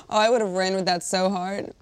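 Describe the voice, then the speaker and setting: A woman's voice: mid-range voice, moderate pace, smooth. A young woman co-hosting a podcast, chatting casually and playfully teasing about sports. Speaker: podcast co-host.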